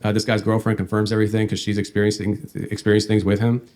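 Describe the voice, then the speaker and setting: A man tells a long story in a slightly low voice. He meanders and halts as he goes, circling back on himself. He speaks as the host of a podcast. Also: monotone, fast, a little mellow. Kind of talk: telling a paranormal story.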